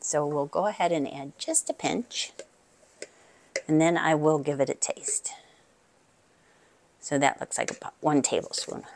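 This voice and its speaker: A woman's voice: sits low, unhurried, gravelly, pauses often, darkish tone. A woman hosting a cooking video from her kitchen, chatting straight to viewers and murmuring with pleasure as she tastes. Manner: savoring, with appreciative murmurs. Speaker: cooking channel host. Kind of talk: casual cooking demonstration.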